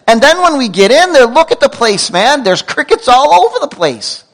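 High-voiced animated male pastor. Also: moderate pace, few pauses, rough recording. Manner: animated storytelling with self-corrections and asides. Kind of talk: sermon.

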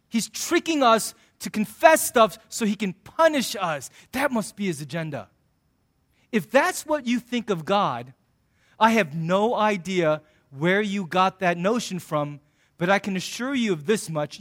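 A pastor with a very high voice delivers a sermon in a loose, conversational style. He jokes with the congregation and slips into quick acted-out scenes to make his points. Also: lively intonation, a bit bright. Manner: conversational and joking, acting out little scenes.

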